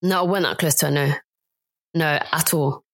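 A woman's voice: deep voice, fairly even intonation, fairly quick, fairly bright tone, no room sound. A woman co-hosting a podcast in casual chat, easygoing and a bit hesitant as she tells stories. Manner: hesitant, easygoing, many fillers. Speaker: podcast co-host.

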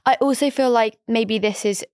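A woman's voice: on the high side, a little mellow, no echo, studio quality. A woman co-hosting a casual chat podcast, giving candid advice. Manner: quick, candid, gives advice. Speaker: podcast co-host.

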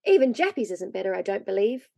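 A woman reading aloud, voicing a steady older brother who speaks calmly and matter-of-factly. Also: mid-range voice, quick pace, creaky, no room sound.

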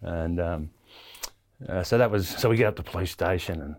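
Speaking briskly in a low voice with no room sound, an Australian interviewee spins a long, casual story. He rambles along, leaning on ums and often restarting.

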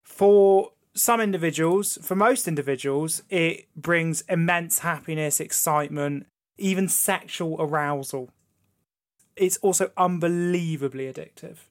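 Crude, animated male podcast host. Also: on the high side, measured pace. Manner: crude, swearing, animated storytelling. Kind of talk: casual chat.

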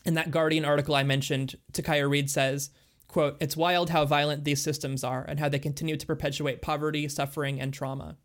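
A man's voice: fairly high pitch, level tone, brisk. A man co-hosting a casual music podcast, talking thoughtfully and at length about songs. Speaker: podcast co-host.

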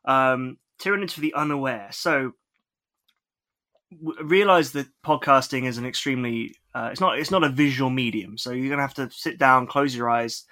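A man's voice: mid-range voice, normal speed, pushed and bright. A man co-hosting a podcast, chatting casually with many fillers and restarts into a podcast microphone. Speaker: podcast co-host.

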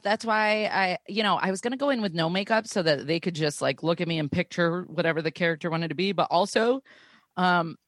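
A woman's voice: low-pitched, gravelly, no room sound. A young woman co-hosting a podcast, chatty and self-deprecating, swearing casually as she talks. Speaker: podcast co-host. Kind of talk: casual chat.

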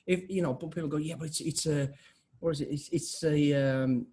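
A man in his fifties, an interview guest telling blunt, animated stories full of restarts and acted-out dialogue. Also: fairly high pitch, fairly quick, slightly rough. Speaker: interview guest, former special forces soldier. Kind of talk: casual conversational storytelling.

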